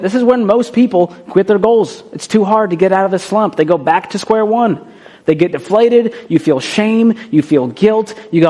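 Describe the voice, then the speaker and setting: A man's voice: sits high, animated, moderate pace, darkish tone. A man giving a motivational talk in a punchy, conversational way, often tossing in a rhetorical "right?". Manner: acts out quoted voices for effect. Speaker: motivational speaker.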